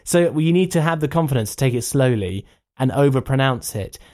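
A man's voice: medium pitch, lively intonation, brisk, a little mellow. A man co-hosting a casual podcast, playful and teasing, often laughing and slipping into a sing-song voice. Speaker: podcast co-host. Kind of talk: casual chat.

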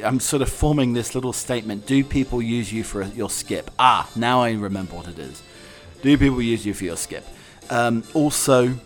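A man hosting a solo chat show, talking in a jokey, meandering, self-mocking way. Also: on the low side. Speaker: podcast host.

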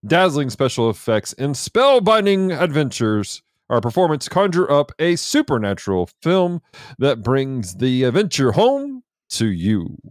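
A man's voice: mid-range voice, big pitch swings, no echo, studio quality. A man putting on a hammy mock-Russian reader. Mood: mock dramatic. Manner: slow, drawn-out, hammy dramatic reading. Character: man reading a video box blurb in mock Russian accent. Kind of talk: comic mock-dramatic reading.

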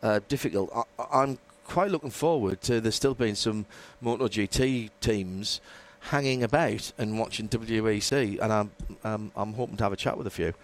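A man with a lowish voice hosts a motorsport radio podcast in casual chat, speaking at a moderate pace with hardly any pauses. He rambles through his points, full of fillers and restarts.

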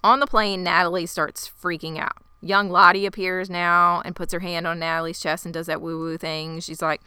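A woman co-hosting a casual podcast, retelling a TV episode scene by scene with lively asides. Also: lowish voice, moderate pace, few pauses, clear, resonant tone, no room sound. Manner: animated storyteller, quotes characters in lively asides. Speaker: podcast co-host. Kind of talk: casual TV recap chat.

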